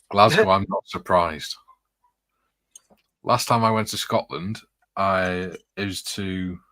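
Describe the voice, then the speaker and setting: A man's voice: deep voice, fairly bright tone, dry recording. A man hosting a casual chat, reading out comments and telling rambling stories, laughing often. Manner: chatty, rambling anecdotes with frequent laughs. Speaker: host reading viewer comments.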